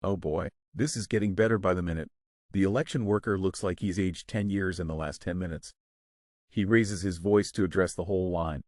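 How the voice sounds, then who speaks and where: A story narrator, a man with a fairly low, darkish voice, tells a first-person tale in a casual, wry manner at a brisk pace. The recording is dry and close, with no room sound or echo.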